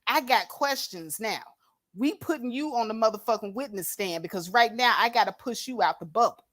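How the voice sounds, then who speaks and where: Woman, livestream host, fiery and profane, slightly high voice, dry close plug-in mic. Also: expressive, moderate pace, fairly bright tone, no echo. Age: adult with a grown daughter. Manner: blunt, profane and confrontational. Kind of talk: unscripted livestream commentary. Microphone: plug-in microphone.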